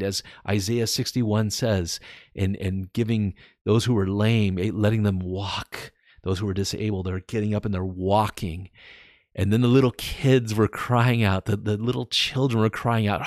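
A man giving informal Bible teaching on his podcast, chatting casually and slowing down to read scripture with emphasis. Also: fairly low pitch, no room sound, studio quality. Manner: conversational, reads scripture slowly with emphasis.

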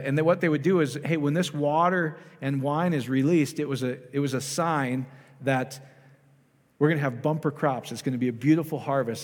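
A man preaching in a relaxed, conversational way, tossing questions out to the congregation and circling back on his own sentences. His voice sits at an ordinary middle pitch. A long reverb trails behind him in the hall. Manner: chatty, asks the congregation questions, many restarts. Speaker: pastor. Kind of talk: casual conversational sermon.

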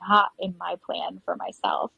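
A woman's voice: lowish voice, big pitch swings, measured pace, gravelly, sharp tone, slightly rough, no room sound, rough recording. A woman guest on a podcast, chatting through a personal story with many fillers and frequent laughter. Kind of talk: casual storytelling interview.

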